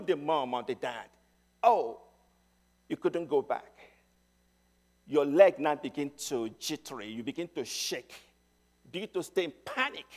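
High, lively-voiced preacher man. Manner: emphatic, storytelling, swings between loud and hushed. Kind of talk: sermon.

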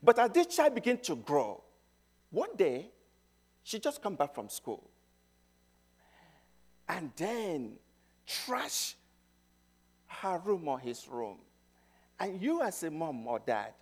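High, lively-voiced preacher man. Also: slow pace, long pauses. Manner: emphatic, storytelling, swings between loud and hushed. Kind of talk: sermon.

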